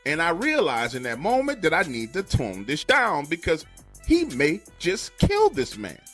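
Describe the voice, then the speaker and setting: Lively man telling a dramatic story. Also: fairly high pitch, unhurried, husky, faint music behind. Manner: dramatic, lively, acts out quotes. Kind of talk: animated spoken storytelling.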